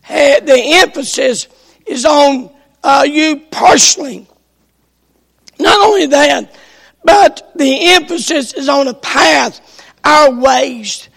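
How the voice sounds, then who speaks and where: Gravelly high-voiced preacher with a cough. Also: male voice, takes it slowly, in a large hall. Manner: emphatic, repeats his refrain, rises to shouts. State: strained, coughing voice. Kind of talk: sermon. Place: church sanctuary.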